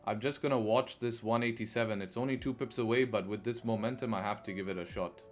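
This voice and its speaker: A man's voice: fairly low pitch, fairly even intonation, quick pace, faint music behind. A man giving live trading commentary on a stream, talking to his viewers and laughing often in frustration. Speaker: forex trader live streamer.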